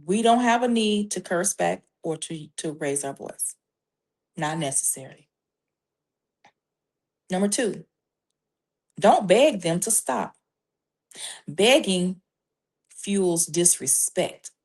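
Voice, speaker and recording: In the role of a Christian life coach, a woman with a lowish, darkish voice delivers faith-based parenting advice with lively intonation. She speaks in a measured, emphatic way and presents numbered steps grounded in scripture.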